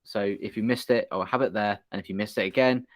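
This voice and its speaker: A man's voice: fairly low pitch, quick pace, no room sound. A male podcast host from the United Kingdom, chatty and teasing, laughing often with his guest. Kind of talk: casual interview chat.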